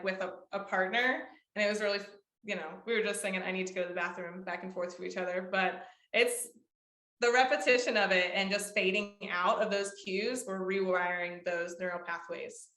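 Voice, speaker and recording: A woman's voice: mid-range voice, bright, forceful tone. A young woman music therapist presenting to a support group, explaining with frequent ums and short sung demonstrations. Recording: echoey room.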